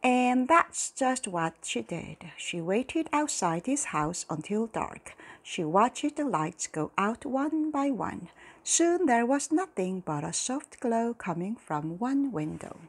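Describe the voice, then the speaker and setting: A woman reading a bedtime story aloud in a slow, expressive way. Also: on the high side, breathy edge.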